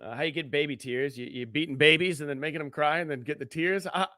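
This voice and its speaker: A man's voice: on the high side, fast talker, bright, forceful tone, dry recording, studio quality. A man co-hosting a radio show, teasing and asking blunt questions. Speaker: radio co-host. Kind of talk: morning radio banter.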